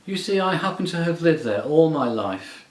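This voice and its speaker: A man's voice: mid-range voice, expressive, measured pace, reverberant, close to an everyday voice. A man reading an audiobook, voicing a stout, dogged male marsh creature who talks short of breath. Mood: stubborn.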